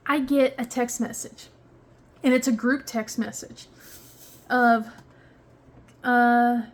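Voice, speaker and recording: A woman's voice: fairly high pitch, slow, pauses often. A woman in her thirties chatting casually as a crafting vlogger, telling a rambling story full of fillers and restarts. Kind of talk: casual chat while crafting.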